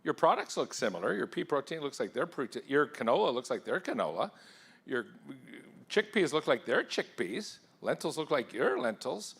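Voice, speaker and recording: A man giving an interactive talk at a conference, firing questions at the audience in an energetic, persuasive way. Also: on the high side, normal speed, vocal fry, breathy edge. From England. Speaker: keynote speaker. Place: conference hall.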